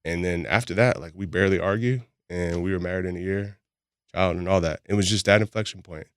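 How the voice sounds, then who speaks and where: Male podcast guest, rapid and candid storyteller, deep voice with a dry studio sound. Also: smooth, no room sound. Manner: candid, laughs often while telling stories. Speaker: podcast guest, boxing gym founder. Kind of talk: casual storytelling chat.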